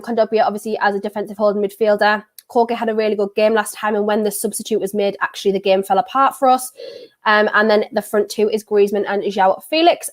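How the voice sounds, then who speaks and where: A young woman with a British accent, chatting casually and rambling on a football watchalong live stream while she has a cold. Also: medium pitch. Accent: British English. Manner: chatty and rambling, with frequent fillers.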